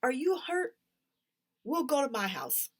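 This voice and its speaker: A woman's voice: high voice, very animated, measured pace, pitched above the performer's own voice, exaggerated voice. Woman reading as a firm, sensible young girl. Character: sensible fifth-grade girl, bossy older sister.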